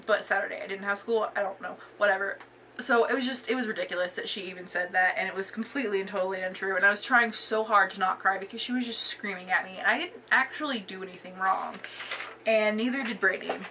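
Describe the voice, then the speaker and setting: Young woman, casual storytime, chatty, filler words, bright voice, slightly distant mic. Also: mid-range voice, quick pace, a little hiss or hum. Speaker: vlogger.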